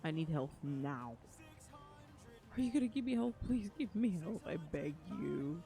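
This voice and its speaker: With game music playing behind her, a woman streams a video game live, chatting emotionally and repeating pleading phrases as she plays. Her low-pitched voice is mellow and very animated, unhurried, with vocal fry.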